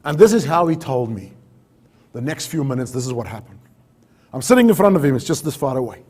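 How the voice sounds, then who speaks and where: Husky-voiced man telling a dramatic story. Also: medium pitch, sing-song, fairly quick. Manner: vivid, swings between loud and hushed. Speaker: former HR manager at a mine, safety speaker.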